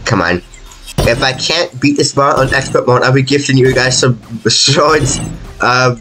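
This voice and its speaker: Young male gaming YouTuber, mid-pitch, frantic play-by-play, music bed behind. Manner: frantic, pleading and self-mocking. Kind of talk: live gameplay commentary. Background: game music.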